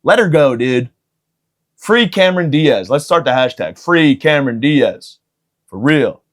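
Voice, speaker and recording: A man's voice: medium pitch, lively intonation, unhurried. A man in his thirties hosting a podcast, riffing alone in a profane, self-mocking comedic monologue. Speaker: podcast host.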